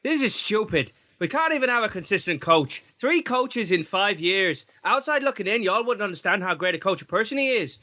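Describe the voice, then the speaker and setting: A man's voice: sits high, lively intonation, brisk, few pauses, bright, forceful tone, pitched above the performer's own voice. A man voicing an angry male pro football linebacker in a mock accent blending Northern Irish and Irish, with an exaggerated, emphatic delivery. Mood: indignant. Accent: mixed Northern Irish and Irish.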